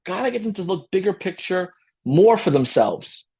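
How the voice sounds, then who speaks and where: A man's voice: sits high, very animated, creaky, mellow, husky. A man coaching a live training webinar with lots of energy, repeating his points and often checking in with "right?". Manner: acts out client dialogue in quick role-play.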